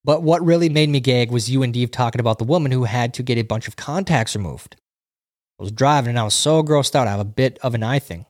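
A male stream host with a mid-range voice reads viewer comments aloud and riffs on them, chatty and fast. The mic sound is dry, and the talk is casual.

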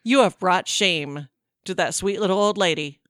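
A woman's voice: lowish voice, normal speed, no echo, studio quality. A woman co-hosting a chat show, telling a story in a playful, joking way. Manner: playful, animated storytelling with quips. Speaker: podcast co-host. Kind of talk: casual chat.

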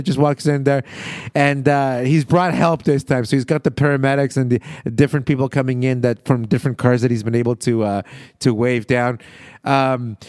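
A man casually recapping a sitcom episode, animated and profane, often laughing and acting out quotes. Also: medium pitch, dry recording, clean studio sound. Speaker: podcast host recapping a sitcom.

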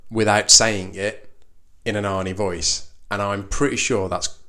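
A man with a fairly low voice co-hosts a casual podcast chat. He speaks thoughtfully with a dry sense of humour and often repeats words as he works out what he means. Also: fairly even intonation, unhurried, bright, forceful tone. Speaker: podcast co-host.

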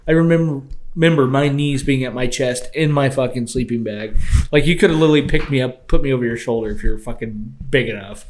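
A man's voice: mid-range voice, a little fast, a crowd in the background. A man co-hosting a casual podcast, telling a rambling story full of swearing and laughing at himself. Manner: loose, profane storytelling, laughing often. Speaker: podcast co-host. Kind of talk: casual chat.

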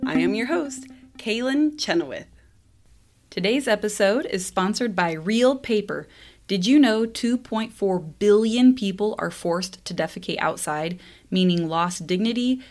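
A woman in her thirties hosting a podcast, hoarse and scratchy-throated from a cold, chatting casually and laughing often as she tells stories. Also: medium pitch. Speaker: podcast host.

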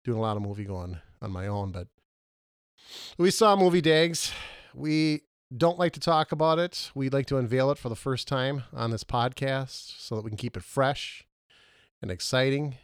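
A man co-hosting a casual movie podcast, questioning his partner and arguing his points with lively jumps in pitch. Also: normal speed, dry recording, studio quality. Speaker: podcast co-host.

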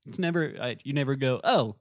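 A man co-hosts a casual movie podcast. He talks in a relaxed, animated way and often breaks into playful asides. His voice sits mid-range and sounds close and dry, with no room echo. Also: mid-range voice, fairly quick. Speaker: podcast co-host. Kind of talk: casual movie review chat.

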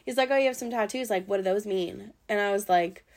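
A woman's voice: mid-range voice, fast. A young woman from the US Pacific Northwest telling a podcast host about a bad date in a rambling, casual way, full of fillers and swearing. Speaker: podcast guest. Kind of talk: casual storytelling chat.

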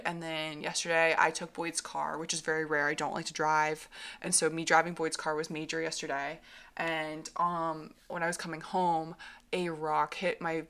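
A woman's voice: low-pitched, a bit bright. A young woman co-hosting a podcast, telling stories in casual chat and acting out the quotes. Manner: chatty storyteller, acts out quotes, laughs often. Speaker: podcast co-host.

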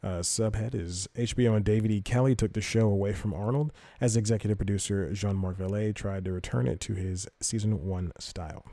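Low, dark-voiced man rambling on the news. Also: steady tone, a little fast, hardly any pauses, no echo. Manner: rambling, self-correcting, reads news aloud with asides. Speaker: podcast host. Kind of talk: casual news commentary.

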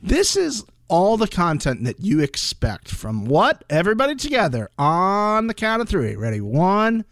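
A man's voice: high-pitched, huge pitch swings, a little slow, hardly any pauses, fairly bright tone, dry recording, studio quality. A man co-hosting a casual recap podcast, joking and playfully spelling out names. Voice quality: playful, jokey. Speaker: podcast co-host.

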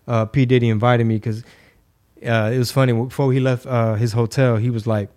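A man from Texas hosting a podcast, telling stories in a casual, slangy and animated way. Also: mid-range voice, fairly quick. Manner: animated, slangy, acts out quoted voices. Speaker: podcast host and rapper. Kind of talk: casual storytelling.

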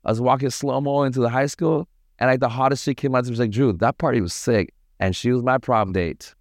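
This is a man who talks quickly and keeps his stories moving, slangy and animated. His voice sits at an average pitch, and the recording is dry and close with no room sound. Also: vocal fry, no room sound. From Toronto, Canada. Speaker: podcast guest, party promoter. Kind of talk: casual storytelling.

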